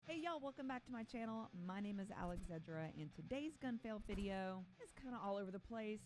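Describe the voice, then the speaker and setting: A woman's voice: mid-range voice, animated, fairly quick, a little mellow. Blunt woman hosting a video. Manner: blunt, outspoken. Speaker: YouTuber presenting a gun video.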